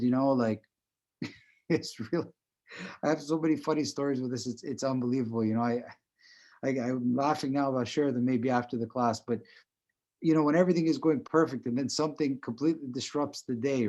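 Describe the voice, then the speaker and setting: A man with a dark, mellow voice coaches breathing in a relaxed, chatty way, tagging his points with "right?". The sound is dull and lo-fi, like a video call. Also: mid-range voice. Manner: conversational, repeats "right?" often, chuckles while explaining. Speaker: breathing instructor. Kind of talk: live online class.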